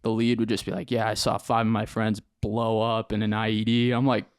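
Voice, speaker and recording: A young man, a podcast guest, telling his story in an animated, slangy way with lots of acted-out quotes. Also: lowish voice, a little fast, smooth, no room sound, studio quality. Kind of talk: casual storytelling interview.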